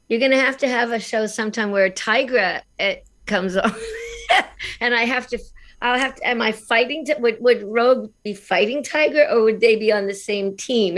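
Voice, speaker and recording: A woman from Australia, a guest voice actress in a casual interview, talking in a chatty, laughing way and often restarting her phrases. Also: a little high.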